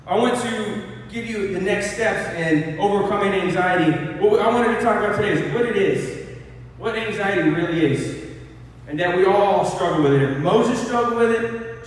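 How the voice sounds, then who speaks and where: A man, a college pastor, giving an earnest, animated, conversational sermon with lively storytelling. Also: sits high. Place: church hall. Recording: echoey hall, mic far off.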